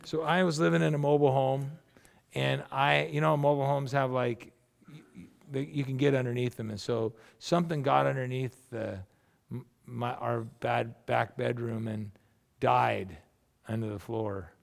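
A man's voice: mid-range voice, fairly even intonation, normal speed, gravelly. A middle-aged man, a pastor, preaching a sermon in a loose, conversational storytelling way, often restarting his sentences.

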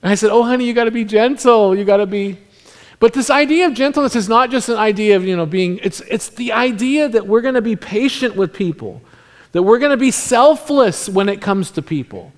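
Male pastor, slightly high voice, chatty sermon that swings between lively and hushed. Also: a little fast. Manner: conversational preaching that swings from animated to hushed, near-whispered passages.

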